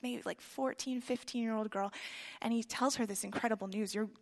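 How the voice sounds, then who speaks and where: A woman preaching a sermon in a conversational, reflective way, with soft trailing phrases and frequent fillers. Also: on the high side, fairly even intonation, fairly quick, gravelly. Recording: long reverb of a large hall.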